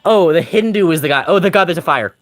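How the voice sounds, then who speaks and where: A man rambles through casual game commentary, answering his chat with jokes and frequent laughter. His voice sits high for a man and swings lively up and down, and faint music plays behind him. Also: fast. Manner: rambling, jokey, laughs often. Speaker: gaming streamer.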